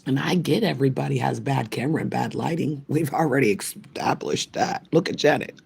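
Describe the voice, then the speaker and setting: Casting: older woman streamer, raspy, gravelly, swears a lot and rambles. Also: a bass voice, brisk, darkish tone. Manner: profane, trash-talking, loose and rambling. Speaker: livestream host. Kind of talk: ranting live stream chat.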